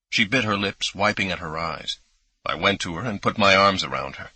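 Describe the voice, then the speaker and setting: A man's voice: sits low, animated, normal speed, bright, forceful tone, breathy edge, no echo, low-quality recording. A man narrating an audiobook in an intimate first-person storytelling manner, close on a studio mic. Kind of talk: scripted narration.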